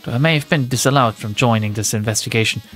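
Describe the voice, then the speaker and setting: A man voicing a stern, formal older male commander, speaking low and measured while reading a game scene aloud. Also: fairly bright tone, faint music behind, close to an everyday voice.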